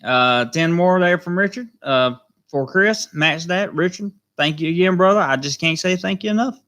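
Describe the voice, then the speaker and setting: Hosting his live stream, a Southern-accented vlogger reads viewer comments and rambles casually, leaning on lots of fillers. His voice is high-pitched and fairly bright, at a moderate pace.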